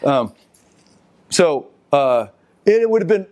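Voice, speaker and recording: A middle-aged man giving a live seminar lecture, talking in an animated, halting way with restarts and asides to the audience. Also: fairly high pitch. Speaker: seminar speaker.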